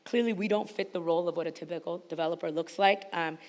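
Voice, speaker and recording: A woman's voice: fairly low pitch, fast talker. A woman with a slight Spanish-influenced accent, speaking energetically and emphatically as a panelist at a conference. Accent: Spanish-influenced English. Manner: energetic, emphatic, laughs often. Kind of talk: panel discussion. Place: conference hall stage. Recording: reverberant hall.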